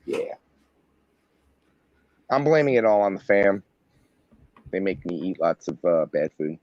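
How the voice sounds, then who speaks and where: A man's voice: sits low, sing-song, unhurried, no echo, highs cut off. A man co-hosting a podcast in casual chat, joking and laughing easily, repeating words as he starts sentences. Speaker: podcast co-host.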